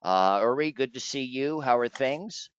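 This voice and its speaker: A man's voice: medium pitch, animated, a little slow, clean tone, dry recording, highs cut off. Jokey man hosting a webinar call. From Florida. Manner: jokey, chatty, with many fillers. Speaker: webinar host. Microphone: video call.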